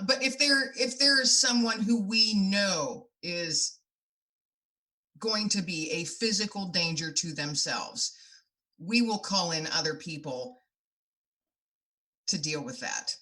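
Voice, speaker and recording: A woman's voice: medium pitch, slow pace, bright, forceful tone. A middle-aged woman speaking as a podcast guest, telling her stories in an earnest, heartfelt way. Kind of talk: podcast interview.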